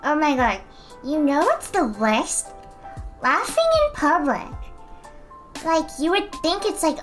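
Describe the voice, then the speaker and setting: A woman's voice: sits high, sing-song, slow pace, pauses often, fairly bright tone, soft background music. A young woman streaming and chatting casually with her viewers, giggly and talkative. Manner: giggly, chatty, fills silence with talk.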